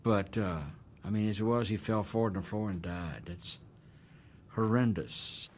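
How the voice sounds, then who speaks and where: Older guy, lowish voice, tells it with a lot of punch. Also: normal speed. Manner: emphatic, acts out quoted dialogue. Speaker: interviewee. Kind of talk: documentary interview recollection.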